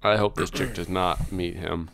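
A man's voice: sits low, fairly even intonation, moderate pace, gravelly, a bit bright, a little hiss or hum. A man co-hosting a casual podcast, tossing in dry, sarcastic quips. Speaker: podcast co-host. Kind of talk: casual chat.

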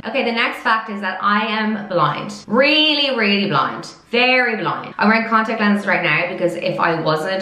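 A woman of twenty-five chatting to camera in a fast, loud, storytelling way. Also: on the low side. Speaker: vlogger. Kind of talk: casual chat to camera. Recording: echoey room.

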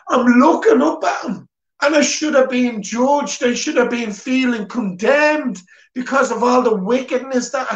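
A man's voice: extremely high pitch, muffled recording. A man with a Dublin Irish accent telling his personal testimony at church in an earnest, plain-spoken way. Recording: echoey church hall.

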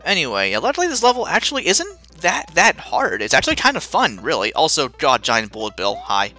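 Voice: medium pitch, wildly swooping pitch, fairly quick, pushed and bright. A let's play host giving self-mocking gameplay commentary, with sudden panicky outbursts. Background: faint game music.

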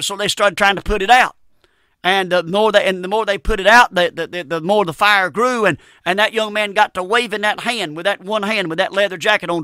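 A man's voice: high-pitched, sharp tone, no room sound, studio quality. A middle-aged man, preaching a sermon in an earnest, plain-spoken storytelling manner.

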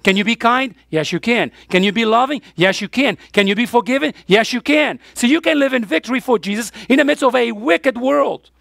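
Gravelly-voiced woman preaching a sermon. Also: on the high side, animated, fairly quick, few pauses, no room sound, clean studio sound. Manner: emphatic call-and-response questions. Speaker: pastor. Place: church.

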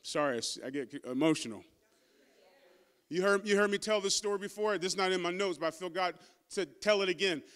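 A man preaching a sermon with a smooth, resonant voice that sits high for a man. He preaches emphatically and calls out to the people in front of him. When emotion rises, he repeats and restarts his words. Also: brisk, fairly bright tone. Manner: emphatic preaching with call-outs to the congregation. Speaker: pastor.

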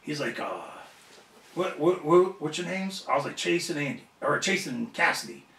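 Man guest telling a rowdy story, gravelly, off-mic in an echoey room. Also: on the high side, moderate pace. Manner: animated, profane, acts out other people's voices. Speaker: wrestler interview guest. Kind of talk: casual storytelling. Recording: roomy echo, somewhat off-mic.

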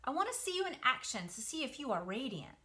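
A patient, clever spider with a motherly calm, read by a woman from a storybook. Her voice is bright and lively, rising when she gives orders. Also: high voice, quick pace, pitched above the performer's own voice, full character voice. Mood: commanding.

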